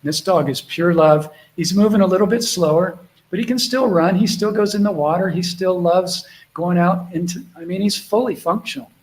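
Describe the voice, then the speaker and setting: A man's voice: sits high, moderate pace, few pauses, poor audio. A middle-aged man hosting a live spiritual Q&A from home, chatting casually and affectionately with viewers. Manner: affectionate, rambling, talks softly to his dog. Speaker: host of a live spiritual Q&A call. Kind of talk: casual live-stream chat.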